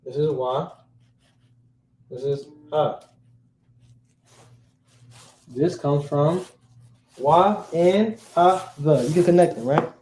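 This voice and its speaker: A man's voice: fairly high pitch, slow pace, pauses often, a little mellow. A man teaching a class in a casual, conversational way, often checking in with the students. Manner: casual, keeps checking with "right?". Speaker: language teacher.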